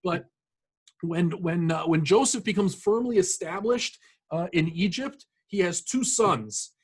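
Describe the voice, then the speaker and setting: A rabbi giving an earnest, reflective sermon, pausing often with fillers and restarts. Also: male voice, high voice, lively intonation, breathy edge. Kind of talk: sermon with scripture reading.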